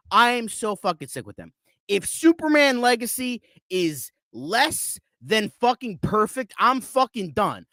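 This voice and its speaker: Man, furious profane rant, swinging pitch, dry close home mic. Movie reviewer on a live panel call. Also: sing-song, normal speed, sharp tone, no echo. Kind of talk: live online panel talk.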